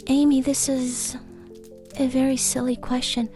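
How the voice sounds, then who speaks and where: A woman's voice: high voice, little pitch movement, a little slow, dark tone, soft background music, voice pushed up. A woman voicing a small, fussy female garden fairy who lectures in a preachy, easily agitated, rambling way. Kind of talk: comic character podcast chat.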